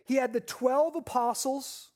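In a high-pitched, steady, slightly mellow voice, a pastor preaches with repeated, stressed phrases. He slows down on key lines and asks questions of the congregation.

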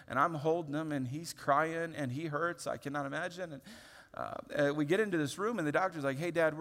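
A man in his thirties preaching a sermon, telling a personal story in a lively, open way with many restarts. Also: on the high side. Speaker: pastor. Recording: long hall reverb.

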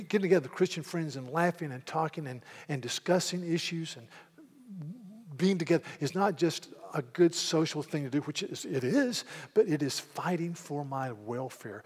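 A man's voice: on the high side, moderate pace, slightly rough, long reverb tail. A man preaching a sermon as a pastor, emphatic and repeating words as he restarts.

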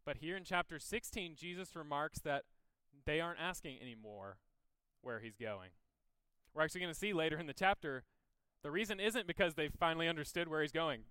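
A male pastor walks his listeners through scripture in a relaxed, conversational way, stopping for a homely story now and then. His voice is bright and crisp, sitting a little high, and it is captured close and dry with almost no room sound. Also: brisk, no echo, poor audio. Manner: conversational, explains scripture with personal stories. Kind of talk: sermon teaching.

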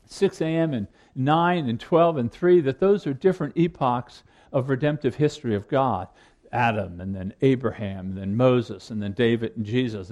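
Male preacher, slightly high and very animated pitch, teaching a parable, acts out the quotes and asks the room questions. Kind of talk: sermon.

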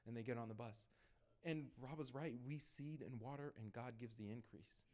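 Man telling lively faith testimony stories. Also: mid-range voice. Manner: lively, laughs between anecdotes; acts out dialogue in quick asides. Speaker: panel speaker on evangelism. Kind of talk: storytelling testimony.

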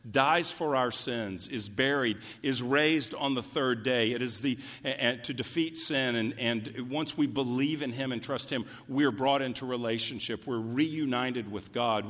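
A man's voice: medium pitch, a bit bright. A man preaching a sermon as a pastor, reading scripture aloud and rising into fervent emphasis. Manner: deliberate, building to fervent emphasis. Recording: reverberant hall.

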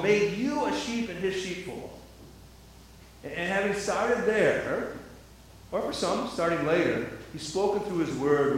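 A man's voice: sits high, slight background noise. A man preaching a sermon as pastor, often repeating words and asking the listeners rhetorical questions. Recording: very echoey hall, mic at a distance.

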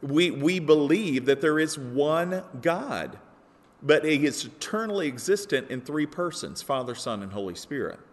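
A man's voice: fairly high pitch, lively intonation, unhurried. A pastor delivering a sermon, earnest and explanatory, rising to emphatic peaks when he quotes scripture. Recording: long hall reverb.

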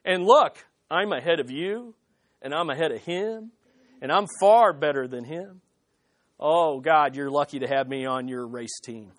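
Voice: mid-range voice, unhurried, dry recording, pitched below the performer's own voice, lightly acted. A preacher voicing a smug, self-righteous Pharisee man boasting in prayer in a sermon. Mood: boastful. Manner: pompous, boastful.

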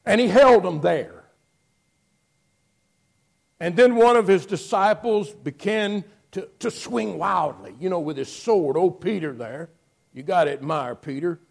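A man preaching a sermon, telling the story dramatically and moving between hushed passages and loud ones. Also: sits high, moderate pace, vocal fry.

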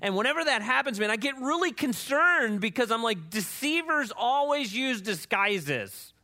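A man's voice: very high voice, normal speed. A man preaching a sermon as pastor, emphatic and conversational, checking in with "right?" and reading scripture with rising intensity. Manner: animated, emphatic preaching with frequent "right?" asides.

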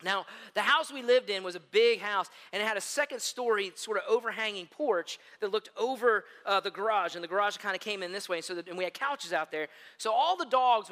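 Male pastor, high bright voice, animated sermon storyteller, long hall reverb. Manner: animated storyteller, addresses listeners as gang.

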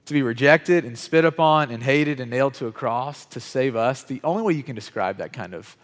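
A man's voice: mid-range voice, normal speed, a bit bright, long reverb tail. A man preaching a sermon in a church, talking conversationally, putting questions to his congregation, with many restarts and fillers. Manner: frequent "like" and repeated false starts. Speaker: pastor. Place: church hall with chairs.

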